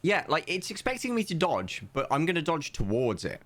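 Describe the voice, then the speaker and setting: A man's voice: a little high, wildly swooping pitch, brisk, fairly bright tone. A man playing a tabletop game, joking around in casual chat. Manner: playful, jokey reactions. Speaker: player.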